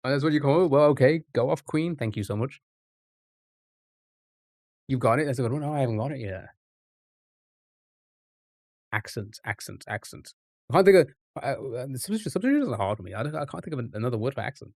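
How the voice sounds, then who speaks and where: Halting man streamer, dry close sound. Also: mid-range voice, animated, darkish tone, dry recording. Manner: halting, restarts often, muses aloud. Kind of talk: live-stream thinking aloud over a word puzzle.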